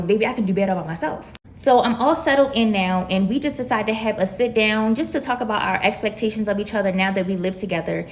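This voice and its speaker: A woman's voice: mid-range voice, a little hiss or hum. Sassy woman telling her story. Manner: sassy, emphatic, calls listeners baby. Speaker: content creator. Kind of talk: casual storytelling to camera.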